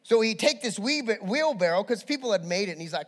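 A man preaching a sermon as pastor, telling a story with animated energy and acting out voices. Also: sits high, a little fast, long reverb tail.

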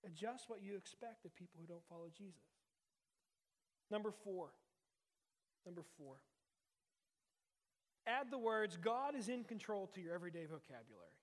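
A man's voice: high voice, expressive, normal speed, pauses often. A man in his thirties, a pastor delivering a sermon in a conversational style, repeating key lines for emphasis. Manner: conversational preaching with emphatic repetition.

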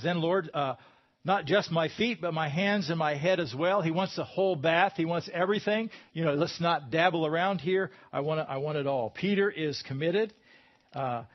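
A man preaching a sermon, his voice a little higher than most men's. He talks to his listeners in a conversational, searching way and grows emphatic when he quotes scripture. The sound is somewhat dull and lo-fi. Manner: conversational, rises to emphatic bursts when quoting.

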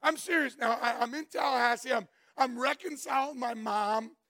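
A middle-aged man preaches his testimony with a loud, emphatic delivery and frequent shouts. His voice sits high and sounds bright and gravelly. The sound is dry and close. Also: normal speed, no room sound. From Florida. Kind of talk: sermon testimony.

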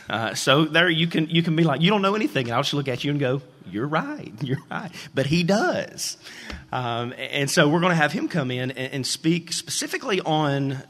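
A man's voice: mid-range voice, fairly bright tone. A man preaching a sermon as pastor, talking casually with fillers and acting out the voices in his stories. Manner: conversational with fillers, acts out quoted voices. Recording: long reverb of a large hall.

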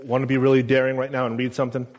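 A man preaching a sermon in a conversational way, asking his listeners questions and loudly acting out the quotes he reads. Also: medium pitch, monotone, racing, muffled recording. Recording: long reverb of a large room.

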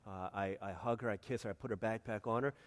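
A pastor with a lowish voice preaches quickly, telling stories with lots of energy. He swings between hushed, tender moments and excited outbursts.

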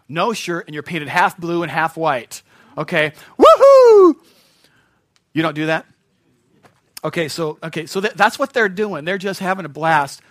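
A man's voice: a little high, a bit bright, no echo, studio quality. A man preaching a sermon in a jokey, chuckling, conversational way. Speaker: pastor.

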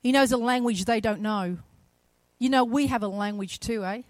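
A woman preaching a sermon, retelling a story with shifts from quiet to loud, emphatic passages. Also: a little high, moderate pace, dry recording.

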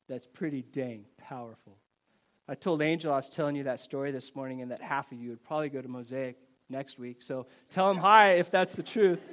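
A man preaching a sermon to his congregation in a church service, telling personal stories in a lively, conversational way. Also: fairly high pitch. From United States. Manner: conversational, animated storytelling preacher. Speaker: pastor.

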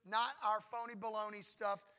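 Bright, high-voiced preaching pastor. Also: male voice, flat delivery, normal speed, clear, resonant tone. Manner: conversational, emphatic, acts out prayers and God's replies. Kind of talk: sermon.

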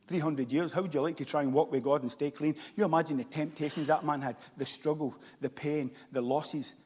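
A man with a Scottish accent preaching a sermon, moving between loud shouts and hushed, intense passages. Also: fairly high pitch, steady tone, brisk, husky. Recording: long hall reverb.

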